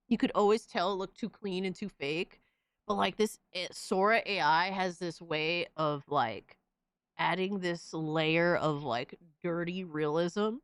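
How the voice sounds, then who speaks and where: Excitable, foul-mouthed woman streamer. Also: lowish voice, smooth, no echo. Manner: excitable, profane, reacts loudly to chat messages. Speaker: livestream host reading chat. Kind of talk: casual stream chat.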